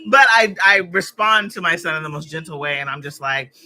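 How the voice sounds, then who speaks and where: Woman host, casual live-stream pep talk, very bright sharp tone, lively swings in pitch, faint music underneath. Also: a little fast, few pauses. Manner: chatty and encouraging, talks straight to viewers. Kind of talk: casual motivational chat while arranging flowers.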